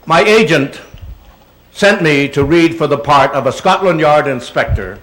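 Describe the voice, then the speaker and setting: An older man giving an animated, anecdotal talk to an audience, slipping into voices as he goes. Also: on the high side, a little slow, low-quality recording. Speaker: guest speaker. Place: auditorium presentation.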